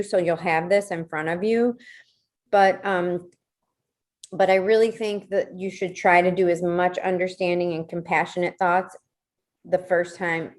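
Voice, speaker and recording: A woman's voice: lowish voice, a little mellow. A woman leading a casual workshop, talking conversationally, repeating words and checking in with "right?". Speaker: workshop leader.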